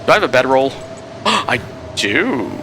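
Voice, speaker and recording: A young man playing a survival game, switching between excited commentary and narrated recaps. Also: medium pitch, unhurried, background noise. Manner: excitable, exclaims and talks to himself. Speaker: gaming video creator. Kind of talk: let's-play commentary with voice-over narration.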